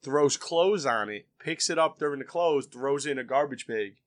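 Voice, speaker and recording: Laughing often and telling stories with energy, this podcast co-host keeps the chat casual. His medium-pitched voice is expressive, and he moves at a moderate pace.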